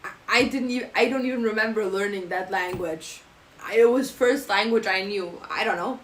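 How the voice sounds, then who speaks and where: A woman's voice: medium pitch, normal speed, slight background noise, low-quality recording. A young woman streamer with a German accent, chatting playfully and reading out her live chat. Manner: playful, jokey, switching into silly mock phrases.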